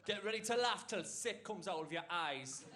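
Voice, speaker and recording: A young man from Newcastle with a broad Geordie accent performs stand-up in a rambling, deadpan way, full of dialect fillers. His voice sits a little high for a man. The club recording carries a layer of noise behind him. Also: normal speed. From Newcastle, England. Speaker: stand-up comedian. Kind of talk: stand-up comedy set. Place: comedy club stage with a live audience.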